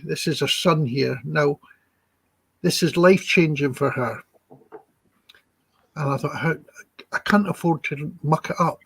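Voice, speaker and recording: Man, husky, fairly high voice, chatty anecdotal storyteller, acts out quotes, dry close sound. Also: fairly bright tone, no echo. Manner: chatty, acts out quoted dialogue, chuckles between stories. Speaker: psychic healer guest.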